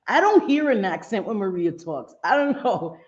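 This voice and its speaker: A woman's voice: mid-range voice, sing-song, a little slow. Chatty woman hosting a lo-fi livestream. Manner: chatty, reads chat names aloud, laughs easily. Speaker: livestream host. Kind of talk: casual livestream chat.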